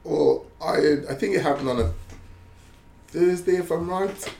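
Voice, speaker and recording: A man, a former footballer, chatting casually as a pundit and telling animated stories with many restarts. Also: on the high side, a little slow, roomy sound, a little hiss or hum. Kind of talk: casual chat, storytelling.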